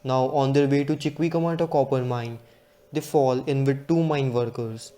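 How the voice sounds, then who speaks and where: A young man giving a read-aloud class presentation in a steady, earnest way. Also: medium pitch, moderate pace. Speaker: student presenter.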